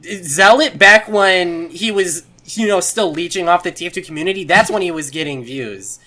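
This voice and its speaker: Young man, podcast co-host, sarcastic, bright tense voice. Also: high voice, moderate pace. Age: young adult. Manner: sarcastic, self-mocking. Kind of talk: casual chat.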